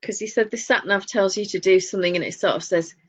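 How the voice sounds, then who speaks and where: A woman's voice: mid-range voice, fast talker, breathy edge. A woman with a Northern English accent, co-hosting a casual podcast chat, telling stories and laughing often. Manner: chatty storyteller, laughs often. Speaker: podcast co-host. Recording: dull lo-fi sound.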